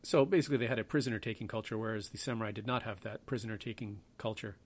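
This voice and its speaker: A man's voice: on the low side, rapid-fire. Guy hosting a history podcast, rambly and offhand, jokes at his own expense. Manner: rambling, offhand, self-deprecating asides. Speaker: podcast host. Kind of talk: casual history podcast talk.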